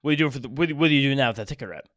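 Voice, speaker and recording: A man co-hosting a sports podcast, excitable and profane, talking in quick bursts into a close mic. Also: mid-range voice, no room sound. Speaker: podcast co-host. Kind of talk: excited casual chat.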